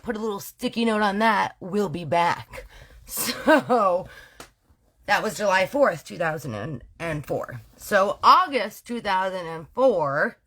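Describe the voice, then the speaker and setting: A woman from Canada spinning a true-crime tale in casual storytelling mode. She is slangy and playful, catching and correcting her own slips as she goes, with a voice of middling pitch. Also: lively intonation, takes it slowly, fairly bright tone. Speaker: storyteller host.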